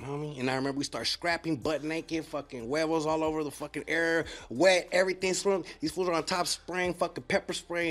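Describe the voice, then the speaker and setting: Fast-talking man host. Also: fairly high pitch. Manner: animated street slang storytelling. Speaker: podcast host. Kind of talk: casual interview chat.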